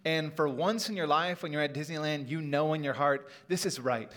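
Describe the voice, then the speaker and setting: A middle-aged pastor giving a sermon in a church auditorium, telling a humorous story in a conversational way. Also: male voice, on the high side, steady tone, a little fast, fairly bright tone.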